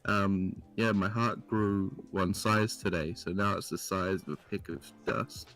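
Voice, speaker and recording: Dry-humored New Zealand man, low voice. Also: steady tone, measured pace, crowd noise. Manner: dry, self-deprecating humor. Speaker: guest. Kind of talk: casual chat.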